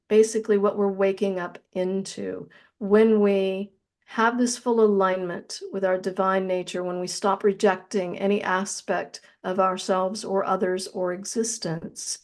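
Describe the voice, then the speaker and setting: A woman with a mid-range voice shares a personal spiritual story as an interview guest. Her telling is earnest and reflective. She slows down on the phrases that matter most. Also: mid-range voice.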